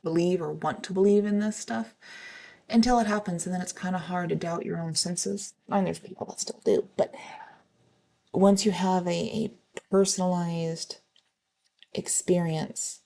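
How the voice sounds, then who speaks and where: Low gravelly woman reading stories. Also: moderate pace. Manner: plain, steady reading with a few slips and restarts. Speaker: reader of online stories. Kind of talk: reading posts aloud.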